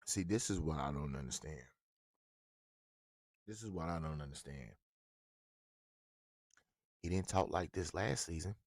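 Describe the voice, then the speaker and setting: Deep-voiced man ranting profanely. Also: unhurried, pauses often, no echo. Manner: profane, mocking and confrontational. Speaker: sports commentator. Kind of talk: ranting fan commentary.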